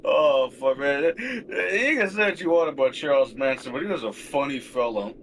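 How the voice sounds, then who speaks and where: A man's voice: mid-range voice, lively intonation, fairly bright tone, a little hiss or hum. A young man streaming, chatting casually in a profane, sarcastic way. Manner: profane, sarcastic, quick to swear.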